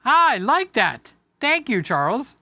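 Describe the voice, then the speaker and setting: A man's voice: very high-pitched, very animated, measured pace, bright, forceful tone, no room sound. A man hosting a casual live stream from a home studio room, rambling, joking and affectionate with his viewers.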